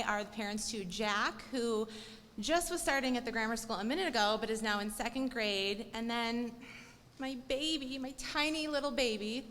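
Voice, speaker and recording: A woman in her thirties talks as a parent coordinator, bubbly and chatty, her voice a little higher than most. A long hall reverb trails behind her words. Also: a bit bright. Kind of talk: welcome speech to new parents.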